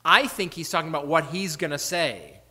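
A male pastor delivers a sermon in a high, bright voice. He presses his points with repeated rhetorical questions, then drops to quiet asides. The sound rings with the long reverb of a church sanctuary. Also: normal speed. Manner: earnest, rhetorical questions, swings between loud emphasis and quiet asides.

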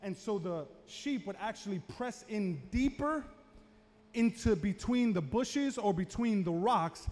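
This male pastor has a high voice and speaks a little slowly. His sermon is dramatic storytelling that grows animated and rises to shouting, captured in an echoey church sanctuary with long reverb.

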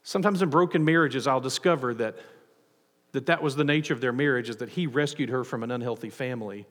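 A man preaching a sermon as a pastor, animated, with frequent restarts and acted-out quotes. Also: mid-range voice, fast, long reverb tail.

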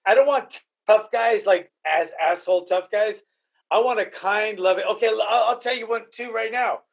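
A podcast host in casual chat, emotional and profane, often repeating himself. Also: male voice, high voice, moderate pace.

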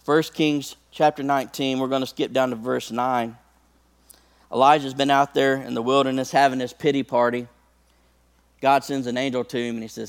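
A man's voice: medium pitch, steady tone, moderate pace, vocal fry. A male preacher delivering a sermon, talking conversationally to the congregation and building to impassioned peaks.

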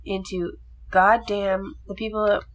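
A woman's voice: mid-range voice, unhurried, slight background noise. Rambling, swearing young woman. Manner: rambling and animated, heavy swearing and "like" fillers. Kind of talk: casual chat retelling a movie plot.

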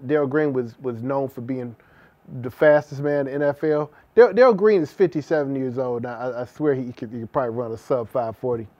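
A man's voice: medium pitch, a little fast, dry recording, highs cut off. A man co-hosting a podcast, chatting casually, teasing dryly and listing sports names. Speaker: podcast co-host. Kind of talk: casual chat.

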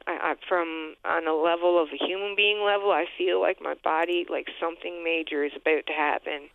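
A woman in her forties calling in to a radio show, halting and hesitant with many restarts, distressed. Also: fairly low pitch, fairly even intonation, no echo. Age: 40s. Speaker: caller. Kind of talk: call-in radio. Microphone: phone line. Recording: tinny phone line.

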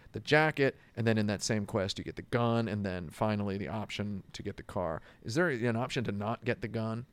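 A man's voice: lowish voice, clean tone. A man in casual chat about a video game, rambling with restarts and acting out quotes.

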